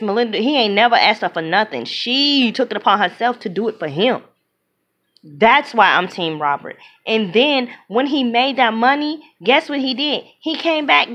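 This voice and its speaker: A woman giving an opinionated movie review in casual talk, emphatic and animated, often acting out what other people say. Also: fairly high pitch. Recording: dull lo-fi sound.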